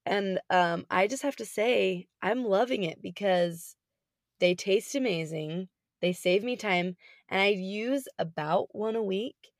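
A woman co-hosting a podcast in casual chat, a little raspy and rambling in an upbeat way. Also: mid-range voice, slow pace, no echo, clean studio sound. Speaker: podcast co-host.

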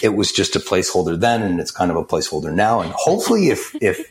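A man with a very low voice gives long interview answers about his project. He talks in a measured way, pausing on fillers and starting his sentences over. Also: big pitch swings. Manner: measured, many fillers and restarts. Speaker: guest, crypto project founder.

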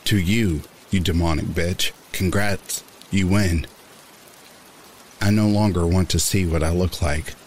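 Man, horror story narrator, very deep voice, slow somber delivery, soft rain behind. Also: fairly even intonation, slight background noise. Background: rain sounds.

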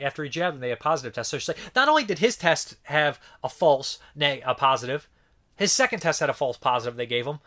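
Man, 30s, movie reviewer, casual rambling monologue, profane, lots of fillers, bright forceful tone. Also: on the high side.

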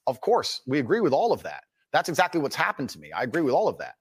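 A man's voice: mid-range voice, wildly swooping pitch, quick pace, slightly rough, no echo. A man answering interview questions in an emphatic, assertive way. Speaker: interview guest.

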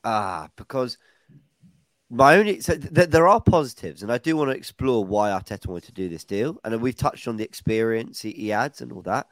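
A man's voice: medium pitch, animated, brisk, dry recording. Chatty host quizzing his panel. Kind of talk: casual chat.

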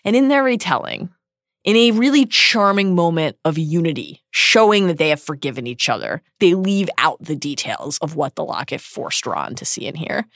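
A woman co-hosting a podcast, recapping a chapter as a lively storyteller. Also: deep voice, normal speed, dry recording, studio quality. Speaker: podcast co-host. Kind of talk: casual chat and recap.

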